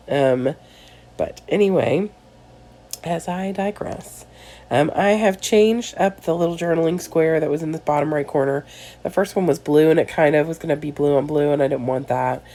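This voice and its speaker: A woman with a low, mellow voice talks through her craft project in a loose, rambling voiceover. She sounds stuffy-nosed and worn out from a late night, and drifts into apologetic asides and small laughs. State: congested from a sinus infection. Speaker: scrapbooking video creator. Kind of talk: casual voiceover narration of a craft process.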